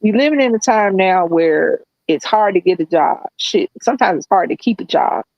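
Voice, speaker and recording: A woman co-hosting a podcast, telling a story in a blunt, profane, animated casual chat. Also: mid-range voice, normal speed, dry recording, highs cut off. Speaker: podcast co-host.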